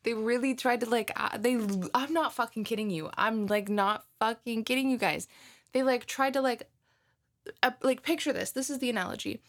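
A twenty-year-old woman chatting casually to her listeners, telling a story in an animated way and swearing freely. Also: a little high, moderate pace. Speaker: audio creator chatting with listeners. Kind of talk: casual rambling chat.

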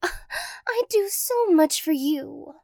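A high, unhurried voice of a teasing girlfriend, played by a young woman. She is clingy and playfully dramatic, with a slight vocal fry, close to the mic in a dry, quiet room. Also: animated, dry recording, heavily acted. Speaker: role-play performer. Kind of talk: girlfriend role-play audio.

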